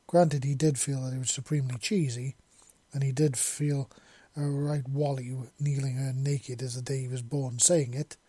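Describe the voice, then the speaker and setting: A man's voice: mid-range voice, little pitch movement, normal speed, few pauses, warm tone, husky, dry recording. A man reading a romance story aloud, with small slips and restarts. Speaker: narrator. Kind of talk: amateur fiction reading.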